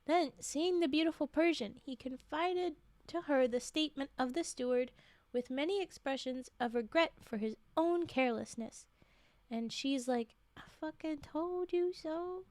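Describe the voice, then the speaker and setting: High-voiced woman reading stories on stream. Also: moderate pace, dry recording. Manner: reads aloud, breaks off for joking commentary. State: voice straining, short of breath. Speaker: storyteller streamer. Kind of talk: livestream story reading with chat asides.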